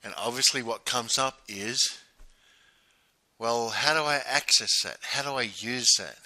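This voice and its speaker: A man's voice: medium pitch, a little slow, bright, forceful tone, dry recording. A man giving a motivational business coaching talk, emphatic and repetitive, asking rhetorical questions of the listener. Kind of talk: motivational monologue.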